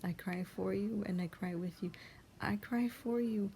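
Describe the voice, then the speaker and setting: A young woman, a channel host, giving a heartfelt monologue of encouragement in a soft, often half-whispered, gentle and comforting way. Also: medium pitch, a little slow, a little hiss or hum. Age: young adult.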